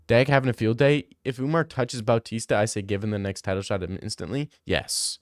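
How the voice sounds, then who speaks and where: A man's voice: on the low side, steady tone, fairly quick, hardly any pauses, no room sound, clean studio sound. A young man streaming and reading out viewer messages in casual chat, laid-back and blunt, swearing freely.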